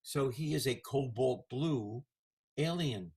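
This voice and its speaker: A man in his seventies, a guest in a casual interview, telling animated stories about his career. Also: mid-range voice, takes it slowly. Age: 70s. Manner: animated anecdotal storyteller.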